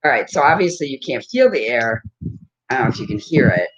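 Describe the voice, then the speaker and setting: At home with her dog, a vlogger in her fifties talks to camera in a casual, rambling way, laughing often. She speaks fairly quickly and very animatedly in an extremely low-pitched voice, and the recording is dull and lo-fi.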